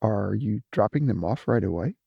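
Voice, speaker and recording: A man voicing Trezor, a resentful younger brother who is a vast cosmic being, in an audiobook; prying, jealous and quick to anger. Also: on the low side, expressive, gravelly, breathy edge, dry recording, highs cut off, full character voice. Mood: probing. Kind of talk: audiobook character voice.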